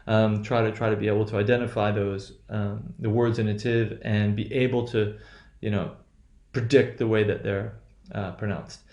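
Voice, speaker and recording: Halting man teaching in an echoey room. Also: fairly low pitch, flat delivery, darkish tone. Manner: halting, self-correcting, many fillers and "right?" checks. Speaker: English pronunciation teacher. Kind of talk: recorded lecture.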